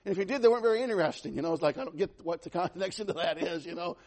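Male pastor, high husky voice, animated sermon, loud-to-soft swings, folksy humor. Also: rapid-fire. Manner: conversational, self-deprecating humor.

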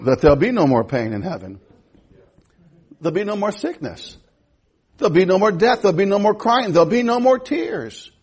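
A man's voice: sits high, sing-song, moderate pace, long pauses, darkish tone, slightly rough. A man in his fifties preaching a sermon as pastor, emphatic, repeating his phrases and restarting. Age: 50s.

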